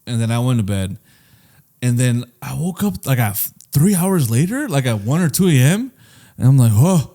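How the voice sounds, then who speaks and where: A young man co-hosting a casual podcast, telling a story and swearing freely while acting out his friend's lines in a raised voice. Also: moderate pace. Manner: animated storyteller, swears a lot, acts out friends' lines in a high voice. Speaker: podcast co-host. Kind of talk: casual chat.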